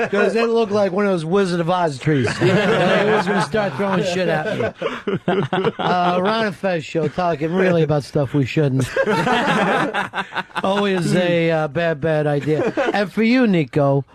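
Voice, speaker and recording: A man hosting a radio talk show, telling profane, animated stories from his past. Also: high-pitched. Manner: animated, swears constantly, acts out voices in stories. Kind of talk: profane storytelling chat. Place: radio studio.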